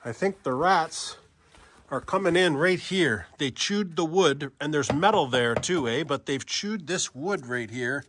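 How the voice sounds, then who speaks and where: A man's voice: a little high, expressive, measured pace, a bit bright, slight background noise. A man, filming a casual farm vlog in a barn and chatting to the camera and his animals. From Canada. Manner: chatty, talks sweetly to his animals in a raised pet voice. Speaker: farmer and vlogger.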